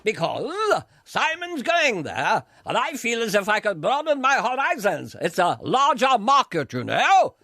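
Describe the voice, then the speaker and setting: A man putting on a booming, pompous showbiz announcer. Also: huge pitch swings, measured pace, few pauses, sharp tone, no echo, clean studio sound, heavily acted. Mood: boastful. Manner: grandiose, showbiz announcer delivery, exaggerated. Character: pompous booming male TV announcer, self-important. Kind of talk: radio comedy sketch.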